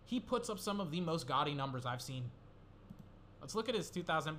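Young dude ranting casually, swearing a lot, kinda high voice, faint hiss behind. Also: male voice, big pitch swings, brisk, a bit bright. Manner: rambling, swearing, getting worked up. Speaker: gaming commentator. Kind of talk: casual solo commentary.

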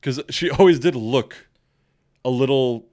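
A man's voice: mid-range voice, a little slow, darkish tone. A young man co-hosting a podcast in casual chat, laughing often and rambling with frequent restarts. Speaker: podcast co-host.

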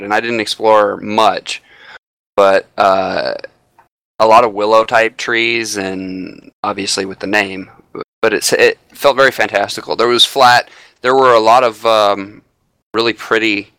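A man's voice: fairly low pitch, sharp tone, dry recording. A man guest on a gaming podcast, hesitant and searching for words as he describes a map. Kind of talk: casual gaming chat.

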